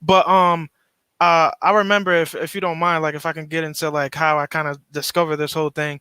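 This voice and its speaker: A man's voice: a little high, flat delivery, brisk, pushed and bright, clear, resonant tone, no room sound. A male guest on a casual podcast, speaking hesitantly with many fillers and repeated words.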